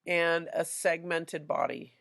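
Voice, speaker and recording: A woman's voice: lowish voice, takes it slowly, creaky, a bit bright. Chatty woman teacher telling a story. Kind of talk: casual classroom lesson with anecdotes.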